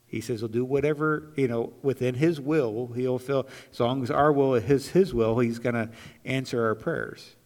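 A man's voice: medium pitch, fairly even intonation, moderate pace. Male pastor, 40s, earnest sermon delivery with emphatic peaks, long church-hall reverb. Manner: earnest preaching, rising to emphatic peaks then dropping to quiet storytelling.

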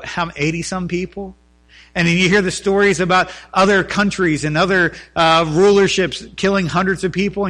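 A man preaching a sermon as pastor in a church, swinging between loud emphatic runs and quiet earnest talk. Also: sits high.

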